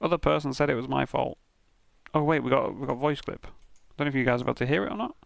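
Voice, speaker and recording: A man's voice: mid-range voice, steady tone, fast, gravelly, no room sound. A British man streaming, giving casual, sweary commentary with frequent laughs as he reviews racing crash clips. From Britain.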